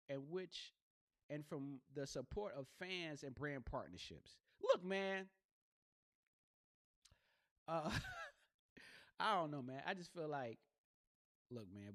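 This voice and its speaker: A man's voice: on the high side, a bit bright. A man hosting his own podcast, talking casually and rambling in slang, asking "you know what I mean?". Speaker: podcast host. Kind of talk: casual solo podcast talk. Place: home studio with a box light. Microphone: gaming headset.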